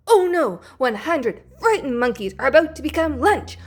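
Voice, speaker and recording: A woman reading a picture book aloud, playful and expressive, dropping to hushes for effect. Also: high-pitched, moderate pace, few pauses. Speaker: storybook reader.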